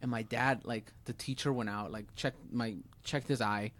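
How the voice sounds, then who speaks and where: A man's voice: medium pitch, steady tone, moderate pace, fairly bright tone. A young man chatting casually with friends on a podcast, telling rambling, profane stories full of fillers. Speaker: podcast co-host. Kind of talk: casual chat among friends.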